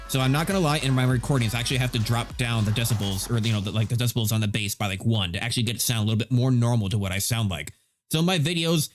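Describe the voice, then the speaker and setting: A male streamer talks casually through his game session, rambling and correcting himself as he goes. His voice sits at a middle pitch and comes through a little nasal on his streaming mic. Faint music from the game plays underneath. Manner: rambling and self-correcting, chatty. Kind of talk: casual live-stream chat while gaming. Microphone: streaming microphone. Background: game audio.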